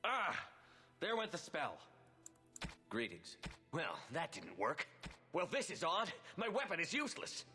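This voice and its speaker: A man's voice: fairly high pitch, huge pitch swings, a little slow, pauses often, sharp tone, full character voice. An actor playing a polite, composed male elf mage hero in a video game, speaking short formal remarks. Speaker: game character. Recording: game audio with long reverb and music.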